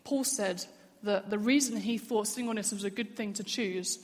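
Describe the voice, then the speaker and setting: A woman's voice: medium pitch, normal speed, a little mellow, long reverb tail. A woman giving an earnest, personal sermon in a church. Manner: earnest, candid, personal storytelling. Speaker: church speaker.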